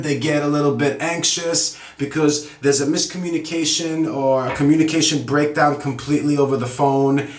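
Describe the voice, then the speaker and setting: A man's voice: mid-range voice, a little hiss or hum. A man giving an upbeat, encouraging English lesson, talking straight to viewers in a casual way. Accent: native English. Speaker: English teacher. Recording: roomy echo.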